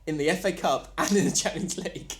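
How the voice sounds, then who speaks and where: A man with a Cockney accent co-hosting a football podcast, chatting and telling stories with quick asides. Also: fairly high pitch, fairly bright tone. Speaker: podcast co-host. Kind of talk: casual chat.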